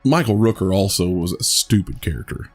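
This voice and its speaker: Low-pitched and husky, the man sounds animated and talks fairly quickly, with faint music behind. As a podcast co-host, he discusses a movie casually, rambling, starting over repeatedly, and swearing some.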